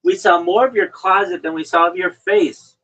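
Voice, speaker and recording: A man hosts a podcast and teases his guest, lecturing him in a mock-serious way over an online call. His voice is bright and husky, and his pitch moves a lot. The call audio sounds dull and lo-fi. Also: steady tone, moderate pace. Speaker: podcast host. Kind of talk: casual chat.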